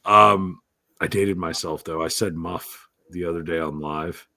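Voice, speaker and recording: A man's voice: low voice, a little slow, dry recording. A man hosting a podcast, telling crude comic stories in casual chat and swearing freely. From Italian-American. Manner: animated storyteller, swears freely. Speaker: podcast host.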